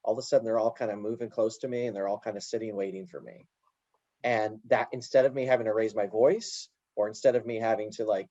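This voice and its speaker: A man explaining calmly in an interview, often slipping into little acted-out quotes of parents and children. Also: fairly low pitch, fast talker, dry recording, highs cut off. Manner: animated storyteller acting out little quoted dialogues. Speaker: guest, educator. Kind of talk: conversational interview answer.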